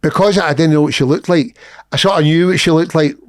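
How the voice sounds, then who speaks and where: A man's voice: on the high side, brisk. A middle-aged Scottish man, a guest comedian telling a rude anecdote on a podcast, swearing and laughing as he talks.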